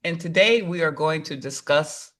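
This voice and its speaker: A woman in her fifties hosting a podcast, chatting casually and telling animated stories with quoted voices. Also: deep voice, moderate pace. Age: 50s. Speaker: podcast host. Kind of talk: casual chat.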